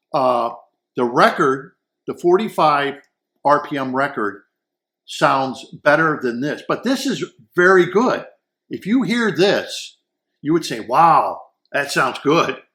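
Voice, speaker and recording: A man's voice: on the high side, a bit bright. Rambling, enthusiastic man reviewing audio gear. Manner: rambling, enthusiastic, repeats words while searching for them. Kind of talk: casual product review talk.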